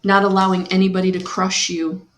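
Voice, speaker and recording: A woman giving a slow, soothing spiritual guidance talk on a live stream, repeating her phrases and greeting viewers by name. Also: medium pitch, level tone, roomy sound, a little hiss or hum.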